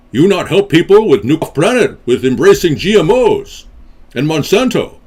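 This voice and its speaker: A man putting on the voice of an indignant male elder who speaks in halting, broken English. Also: a little high, pitched above the performer's own voice. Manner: accusing, halting broken grammar.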